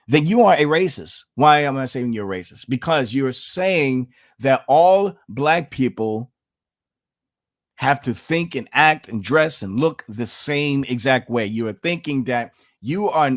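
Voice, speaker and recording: On his vlog, an American man delivers emphatic political commentary in a mid-range voice, repeating himself and addressing viewers as folks.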